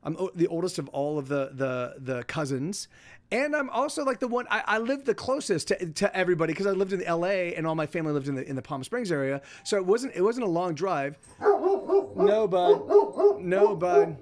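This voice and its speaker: Middle-aged male streamer, high voice, casual rambling chat from home, lots of restarts. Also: sing-song, a little fast. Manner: rambling, many restarts and fillers. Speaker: livestream host. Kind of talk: casual chat to a live audience.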